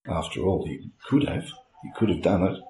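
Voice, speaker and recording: A man's voice: deep voice, very animated, normal speed, warm tone. A man preaching a sermon as a pastor, explaining earnestly with homely everyday illustrations, recorded in a church. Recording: echoey room with faint hiss.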